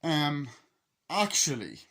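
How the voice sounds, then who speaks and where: A man's voice: on the high side, sing-song, slow pace, fairly bright tone. A man giving a casual, rambling movie review. He swears freely and acts out bits of dialogue.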